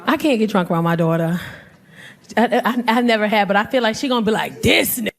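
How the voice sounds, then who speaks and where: A woman comedian performing stand-up on a club stage into a handheld mic, loud and animated, laughing as she works the crowd. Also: medium pitch, fast talker, music in the background.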